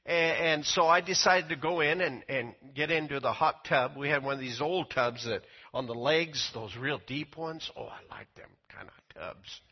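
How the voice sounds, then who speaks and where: Older guy preaching, husky kinda high voice, folksy, repeats himself a lot, muffled lo-fi recording. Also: moderate pace, hardly any pauses. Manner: folksy, repeats words, rises to high excited quotes. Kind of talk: sermon with personal testimony.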